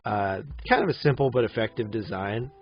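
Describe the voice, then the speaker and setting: A man's voice: lowish voice, a little fast, muffled recording. A man in his thirties co-hosting a casual movie podcast, rambling with lots of fillers and easy laughs. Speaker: podcast co-host.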